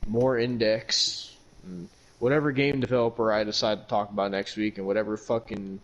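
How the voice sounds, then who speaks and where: A man's voice: lowish voice, flat delivery, moderate pace, highs cut off. A man hosting a casual podcast, ranting heatedly and swearing constantly. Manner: heated, heavily profane ranting. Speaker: podcast host.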